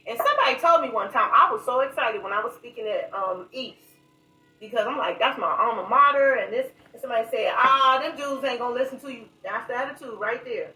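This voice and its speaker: High bright woman, echoey and far off. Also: fast talker. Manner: animated, laughing storyteller, drops to a low intense voice for poetry. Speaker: guest author and poet. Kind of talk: storytelling and poetry reading. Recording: echoey room, voice from a distance.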